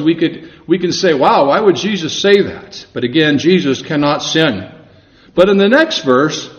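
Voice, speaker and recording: A man preaching a sermon in an earnest, measured way, slowing down for emphatic scripture quotes. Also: on the high side. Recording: echoey room, dull lo-fi sound.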